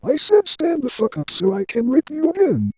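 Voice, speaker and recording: A synthetic text-to-speech man's voice pitched up to play a gruff, cruel old woman who yells harsh commands. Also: wildly swooping pitch, moderate pace, dry recording, lo-fi sound, full character voice. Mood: yelling.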